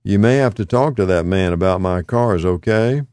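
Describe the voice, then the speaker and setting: A man's voice: low-pitched, moderate pace, a little mellow, dry recording, studio quality, natural voice. A man reading aloud voices a frail, confused older man who repeats himself emphatically in folksy speech and turns fearful and pleading. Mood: emphatic.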